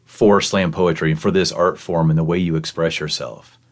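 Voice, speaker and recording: A man hosting a podcast interview, asking thoughtful questions in a measured, reflective way. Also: low-pitched, fairly even intonation. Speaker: podcast host.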